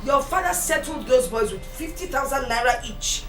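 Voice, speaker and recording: A woman's voice: sits high, animated, moderate pace, fairly bright tone, recorded from a distance, soft background music. A woman with a Nigerian accent playing a worried mother who lectures her child. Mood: indignant. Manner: lecturing, indignant. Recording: echoey room, voice from afar.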